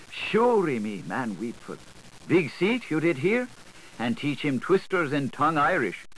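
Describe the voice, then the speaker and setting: Man giving a lively, sing-song literary reading. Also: mid-range voice, a little hiss or hum, rough recording. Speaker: reader.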